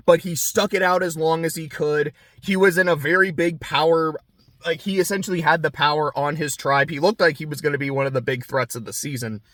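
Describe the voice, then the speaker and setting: A man's voice: fairly high pitch, no echo. Chatty, swearing man recapping a show. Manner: chatty, profane, excitable storytelling. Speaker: podcast host recapping a TV show. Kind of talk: casual episode recap.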